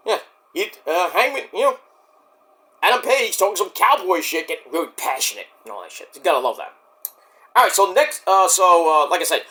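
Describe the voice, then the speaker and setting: A man giving a casual, rambling recap of a show, excitable and profane. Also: sits high. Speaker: wrestling show reviewer.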